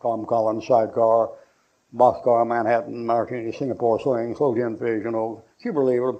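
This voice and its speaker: A man's voice: medium pitch, flat delivery, moderate pace, highs cut off, voice pushed down, natural voice. A man preacher voicing a sheepish churchgoing drinker who mumbles evasive excuses.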